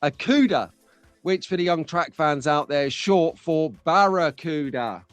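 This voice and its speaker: A man's voice: a little high, expressive, unhurried, clear, resonant tone, no echo, faint music behind. A man hosting a casual live stream, chatty and jokey, talking to viewers by name.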